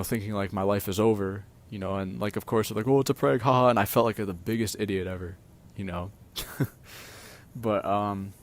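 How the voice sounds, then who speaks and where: A young man with a fairly low voice tells personal stories straight to his audience. He rambles loosely, full of filler words and casual swearing. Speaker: vlogger. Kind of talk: casual storytime monologue.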